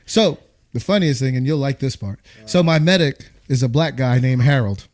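A man in his thirties from the United States, casually telling a war story, animated and acting out the voices he quotes. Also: mid-range voice, moderate pace.

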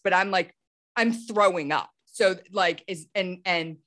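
A podcast host in her thirties tells a story in casual conversation, animated and full of restarts and "like." Her voice is fairly low and a bit bright, and she speaks at a measured pace.

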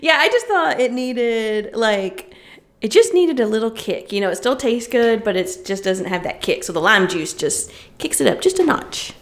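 A woman's voice: fairly high pitch, big pitch swings, moderate pace. A woman co-hosting a podcast over a remote call, chatting casually and laughing often between phrases. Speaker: podcast co-host. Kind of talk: casual chat.

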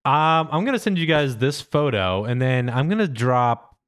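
A man's voice: medium pitch, lively intonation, normal speed, fairly bright tone, clear, resonant tone. A man hosting a casual podcast chat, joking around and laughing often. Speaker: podcast host.

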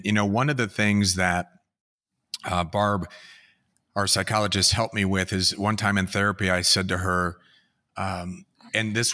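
Gentle man with a bright voice. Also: fairly low pitch. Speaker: podcast guest. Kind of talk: conversational podcast talk.

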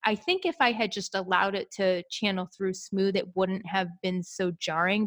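A woman's voice: mid-range voice, a bit bright, no room sound. A woman with a mid-range voice tells a personal story in an easy conversational way. She is recorded dry and close to the mic. She sounds candid and thoughtful and laughs easily.

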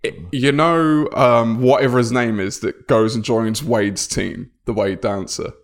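A man's voice: mid-range voice, steady tone, measured pace. Man chatting casually on a podcast. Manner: laughing, teasing banter. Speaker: podcast co-host. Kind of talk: casual chat.

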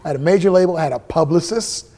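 A middle-aged man, a musician appearing as an interview guest, tells stories in a casual chat with a fairly high, rapid-fire voice. He swears freely and is an animated storyteller, acting out the dialogue he quotes.

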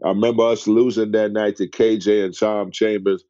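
Animated storyteller, deep dark voice. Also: male voice, normal speed, dry recording, highs cut off. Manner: excited storyteller who acts out quotes in a high voice. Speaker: guest, former basketball player. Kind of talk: animated storytelling in a podcast interview.

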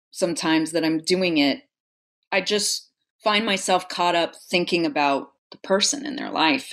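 A woman's voice: low voice, vocal fry, fairly bright tone. A young adult woman, an actress, talking earnestly and reflectively in an interview. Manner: reflective, earnest, grows emotional. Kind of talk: casual interview conversation.

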